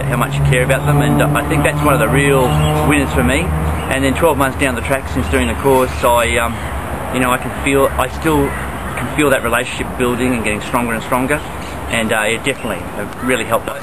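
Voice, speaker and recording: A man, a school principal giving a testimonial, hesitant with many restarts and fillers. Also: medium pitch. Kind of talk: testimonial interview. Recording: loud background noise.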